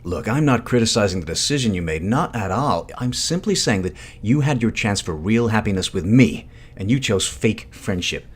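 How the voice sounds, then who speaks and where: A sarcastic young man, bitter and cutting, read aloud by a man. His lowish voice swings widely as he scolds, heated and crude, for a text adventure game. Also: animated, moderate pace, hardly any pauses, slightly rough.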